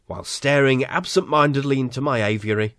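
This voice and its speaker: A man's voice: medium pitch, fairly quick, a bit bright, no echo. A man with a Yorkshire accent narrating an absurd comic story in a dry, mock-earnest way. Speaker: comedy podcast narrator. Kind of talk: deadpan absurd comic monologue.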